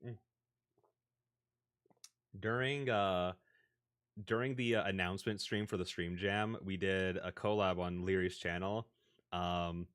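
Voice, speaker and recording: A man's voice: deep voice, a bit bright. Rambling young man chatting on stream. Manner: rambling, filler-heavy, self-correcting. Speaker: livestreamer. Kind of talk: casual live-stream chat. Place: home desk setup. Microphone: desk microphone.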